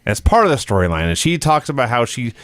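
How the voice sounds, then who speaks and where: Scornful man with an animated voice. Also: medium pitch, fast talker, dry recording, clean studio sound. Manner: scornful, mocks lines in loud put-on shouts. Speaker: podcast co-host. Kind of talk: casual profane wrestling review chat.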